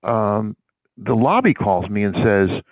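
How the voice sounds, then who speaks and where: This older guest on a sports public relations interview speaks slowly in a lowish, sing-song voice. He wanders conversationally through a lengthy anecdote, voicing each character himself, heard through dry, tinny phone audio.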